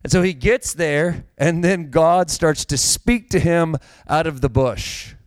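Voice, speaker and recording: A man's voice: a little high, takes it slowly, clean tone, no echo. A man preaching a sermon, with a casual, conversational manner and direct questions to the congregation. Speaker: pastor.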